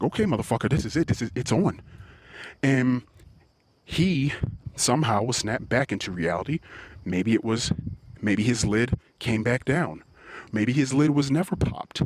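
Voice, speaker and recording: A man's voice: medium pitch, husky. A man hosting a podcast, telling a personal story in a candid, rambling monologue full of swearing. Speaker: podcast host. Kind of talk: confessional monologue.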